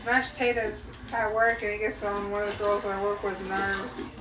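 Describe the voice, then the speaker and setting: A woman's voice: mid-range voice, flat delivery, moderate pace, recorded from a distance. A woman chatting casually, dry and teasing. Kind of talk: casual chat. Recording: echoey room, off-mic.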